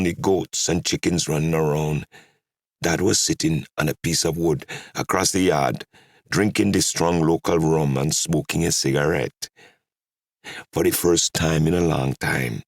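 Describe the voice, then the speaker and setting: A man reading an audiobook in measured storytelling narration. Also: a bass voice, no room sound, studio quality.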